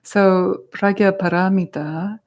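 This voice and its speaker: A woman's voice: medium pitch, fairly even intonation, slow pace, darkish tone, muffled recording. A woman teaching a meditation class, patiently explaining terms in a casual way and adding self-aware asides to the group.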